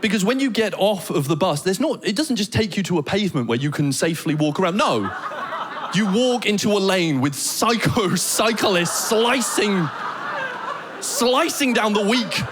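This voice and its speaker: British guy doing standup, highish voice, swears a lot, acts out the crowd. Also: normal speed, background noise. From Britain. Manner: animated storytelling, swearing, acting out crowd shouts. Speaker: stand-up comedian. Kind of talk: stand-up comedy set. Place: theatre stage before a laughing audience.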